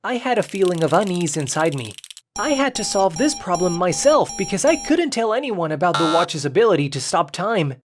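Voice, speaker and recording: A storyteller narrates a first-person tale in a clear, steady rhythm. The pitch moves freely across a wide range. Faint noise sits behind the voice. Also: a little fast.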